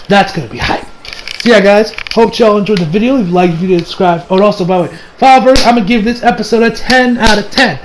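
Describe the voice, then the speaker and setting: Man, high voice, casual recap, rambling, restarts, swears. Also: fast, background noise. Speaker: anime reviewer.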